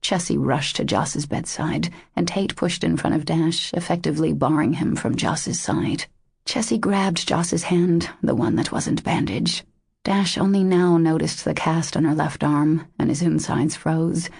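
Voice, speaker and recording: A woman narrating a romance audiobook in a measured, intimate way. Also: low voice, creaky, a little mellow, breathy edge, no room sound, studio quality.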